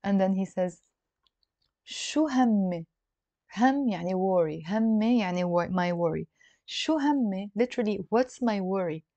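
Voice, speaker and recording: A woman teaching a language through a song, explaining slowly and repeating each phrase. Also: medium pitch, animated, mellow, no room sound. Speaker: Arabic teacher. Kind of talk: song-based language lesson.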